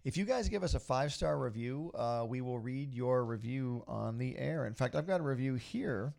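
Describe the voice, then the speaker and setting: A man's voice: mid-range voice, expressive, moderate pace, creaky, a little mellow. A middle-aged man hosting a casual podcast, talking in an upbeat, rambling, motivational way. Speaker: podcast host.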